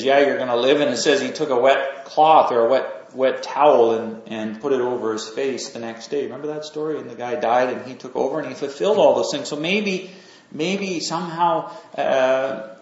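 A man delivers an informal sermon, thinking aloud with frequent pauses and restarts. His voice sits at a middle pitch and carries a roomy echo. The recording sounds dull and lo-fi. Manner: halting, many fillers and restarts, conversational. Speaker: preacher. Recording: echoey room, dull lo-fi sound.

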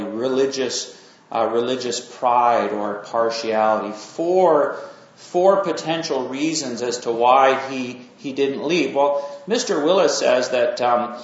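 A man delivers an informal sermon, thinking aloud with frequent pauses and restarts. His voice sits at a middle pitch and carries a roomy echo. The recording sounds dull and lo-fi. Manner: halting, many fillers and restarts, conversational. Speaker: preacher. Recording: echoey room, dull lo-fi sound.

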